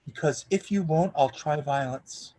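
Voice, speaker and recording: A man reading the part of a passionate, brooding gentleman in an audiobook, with an impassioned, pleading delivery. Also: fairly high pitch, measured pace. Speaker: reader in a charity readathon.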